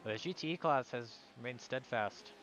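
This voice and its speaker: A man's voice: mid-range voice, fairly quick, a bit bright, highs cut off, slight background noise. A man giving live commentary on an online sim race, calling out positions and sometimes stumbling over drivers' names.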